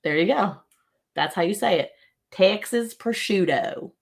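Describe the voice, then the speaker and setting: Woman, livestream host, low-ish voice, chatty, laughs a lot, reads comments aloud. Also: animated, normal speed, vocal fry, breathy edge. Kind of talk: casual livestream chat. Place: ranch home.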